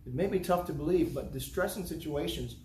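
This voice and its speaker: Preaching earnestly, this pastor from the United States has a slightly high, somewhat mellow voice and a brisk pace. He repeats his points in rhetorical lists, recorded in an echoey room with faint background noise.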